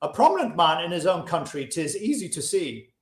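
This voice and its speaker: A man reading the part of a poor, wistful lyre player, speaking measured old-fashioned English. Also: on the high side, sing-song. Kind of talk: audiobook-style reading of a classic. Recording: roomy echo.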